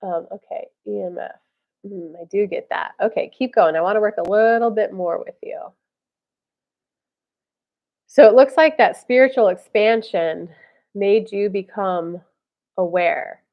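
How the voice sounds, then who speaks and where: Brief: woman of average pitch, chatty live psychic reader relaying guidance to viewers. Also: measured pace, pauses often, lo-fi sound. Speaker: intuitive reader hosting a live stream.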